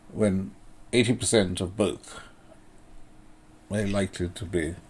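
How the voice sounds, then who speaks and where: A man's voice: fairly low pitch, husky. A middle-aged man from India giving a blunt, sardonic monologue commentary, profane and full of fillers. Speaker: political commentator.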